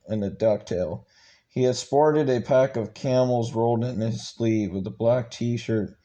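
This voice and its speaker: A man's voice: mid-range voice, warm tone, dull audio. A man reading a book aloud, stumbling and restarting words often. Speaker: channel host reading a book.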